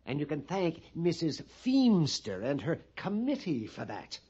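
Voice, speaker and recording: A man's voice: a little high, huge pitch swings, unhurried, warm tone, slightly rough, full character voice. An actor playing a nervous, fussy male storekeeper at an army post in a 1950s radio drama, theatrical and prone to whispering. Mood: fussy, pompous. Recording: dull old radio broadcast recording.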